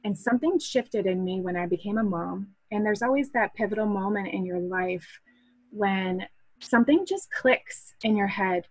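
A woman's voice: mid-range voice, moderate pace, breathy edge, no echo, poor audio. Podcast guest: thirties woman, from Massachusetts, earnest and reflective, dry close mic. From Massachusetts, USA. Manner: earnest, reflective, with restarts and soft laughs. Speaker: podcast guest, hobby photographer. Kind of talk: casual interview chat.

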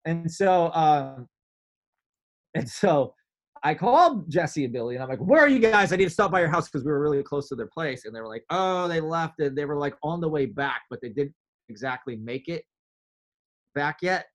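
A man telling a story in casual chat, animated, acting out his own quotes with big jumps in pitch. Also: moderate pace.

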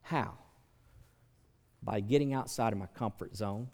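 Animated preaching man in a reverberant hall. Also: medium pitch, normal speed. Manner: animated preaching, swings from soft to loud. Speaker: pastor. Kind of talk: sermon. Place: large church sanctuary.

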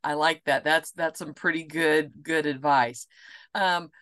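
Woman podcast host, halting and affirming. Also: low voice, fairly even intonation. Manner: warm affirmations, halting restarts. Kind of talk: interview hosting.

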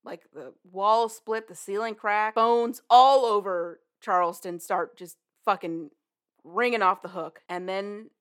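Fields: Sex: woman. Role: podcast co-host. Style: casual film recap. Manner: animated, profane. Pitch: middling. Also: a little slow.

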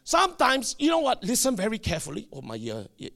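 A male pastor, preaching a sermon emphatically with sudden shouted bursts and call-and-response to the congregation. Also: sits high, huge pitch swings, fast, creaky.

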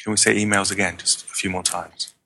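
A man on a podcast panel, teasing the others with quick jokes in a casual chat. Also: deep voice, level tone, pushed and bright, a little hiss or hum. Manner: teasing, jokey.

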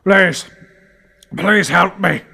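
A man's voice: high-pitched, drawn-out words, creaky, bright, forceful tone, slightly rough, voice pushed up, full character voice. A man voicing a cowardly, treacherous brother who yelps and pleads in panic, with music behind. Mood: pleading.

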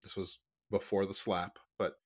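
A man with a lowish voice co-hosting a casual podcast. He rambles, restarts sentences and rushes in quick bursts. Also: level tone. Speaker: podcast co-host.

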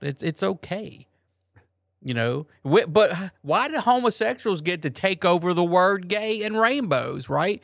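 A man's voice: high voice, animated, unhurried, gravelly, fairly bright tone, no echo, clean studio sound. A man co-hosting a podcast, blunt and casual, retelling jokes in crude banter. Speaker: podcast co-host.

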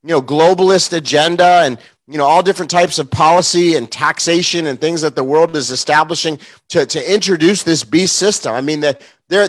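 Preacher guy telling a story, earnest and emotional, lots of "you know"s, kinda higher voice. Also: a little fast. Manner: earnest, emotional storytelling with many fillers and restarts. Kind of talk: morning sermon to a congregation.

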